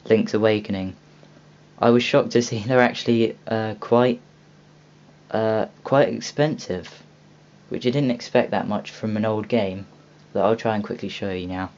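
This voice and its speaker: A man's voice: fairly low pitch, steady tone, measured pace, a little mellow. A young man hosting a casual video walkthrough of a game store, rambling with many ums and restarts. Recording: dull lo-fi home recording with faint hiss.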